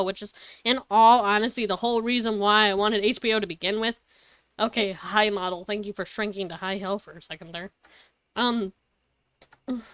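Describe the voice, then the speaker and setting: A woman streamer chatting casually at home, rambling and excitable, swearing freely. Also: fairly high pitch, clear, resonant tone, no room sound. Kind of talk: casual livestream chat. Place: her home.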